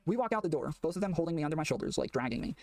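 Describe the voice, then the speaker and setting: A man telling a long story in casual chat, rambling with many fillers and getting excitable, recorded from a distance off the mic. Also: fairly high pitch, rapid-fire, no echo. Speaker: guest telling a prison story.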